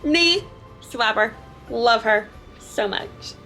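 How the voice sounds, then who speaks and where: A woman's voice: fairly high pitch, lively intonation, drawn-out words, creaky, pushed and bright, faint music behind. A tired, jittery young woman chatting and giggling while reading aloud on a casual book vlog. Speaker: book vlogger.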